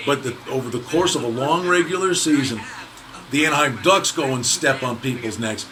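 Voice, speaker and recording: A man's voice: mid-range voice, moderate pace, poor audio. A man working as a sports handicapper, confidently giving betting picks in a casual chat. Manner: confident, gives picks in a matter-of-fact way. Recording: crowd chatter in the background.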